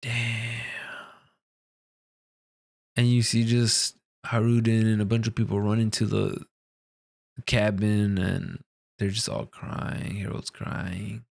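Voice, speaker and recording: A man hosting a casual reaction to a comic chapter, excitable and slangy, laughing often. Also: fairly low pitch, measured pace, creaky.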